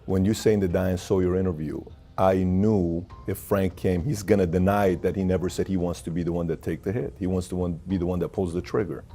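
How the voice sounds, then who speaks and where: A man's voice: low voice, steady tone, fairly quick, few pauses, mellow, soft background music. A man hosting an interview, asking long, probing questions.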